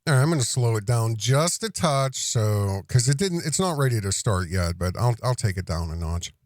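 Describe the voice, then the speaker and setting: A male host reacting to a stream in casual commentary, exasperated and swearing freely. His pitch swings a lot, and he is recorded dry on a close mic. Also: big pitch swings, no echo. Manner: exasperated, profane, halting.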